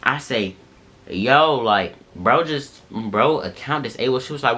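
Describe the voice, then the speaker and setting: A young man casually telling a story to viewers, animated and full of slang. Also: mid-range voice, unhurried. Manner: animated slangy retelling, addresses viewers as y'all and bro.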